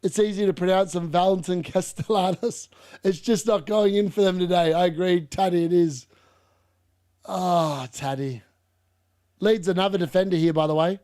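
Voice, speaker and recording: An excitable man giving live football commentary and reaction, shouting at missed chances and mocking the players. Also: high-pitched, moderate pace. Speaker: watchalong streamer.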